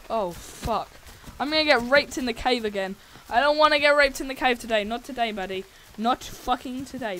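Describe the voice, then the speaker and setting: A woman's voice: on the high side, noisy background. A woman narrating a horror survival game as she plays, jumpy and swearing constantly, shrieking at scares. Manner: jumpy, swears a lot, shrieks when startled. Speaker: gaming channel host. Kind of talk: let's play commentary.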